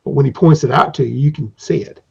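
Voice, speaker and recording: Gravelly man narrating a tabletop game. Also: medium pitch, fast talker. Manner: rambling, descriptive, with fillers. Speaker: game master. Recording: dull lo-fi recording.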